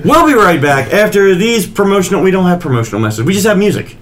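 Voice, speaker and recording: Brief: casual male podcast host, rambling and good-natured, slightly higher voice, faint background noise. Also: sing-song, fast talker, a bit bright.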